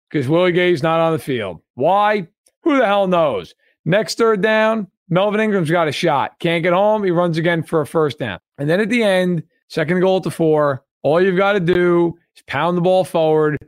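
A man's voice: high voice, dry recording, studio quality. Heated man breaking down a game. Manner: heated, emphatic and repetitive. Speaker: podcast co-host. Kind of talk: casual podcast analysis.

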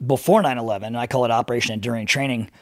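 A man's voice: mid-range voice, steady tone, racing, very noisy. A man telling war stories in casual podcast chat, swearing freely, laughing and acting out the voices of people he quotes. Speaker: former Navy SEAL guest storyteller.

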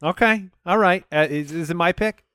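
A man's voice: high voice, normal speed, pushed and bright, smooth, no room sound, studio quality. A man co-hosting a comedy podcast, goofy and stubbornly defending his choices in casual banter. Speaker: podcast co-host.

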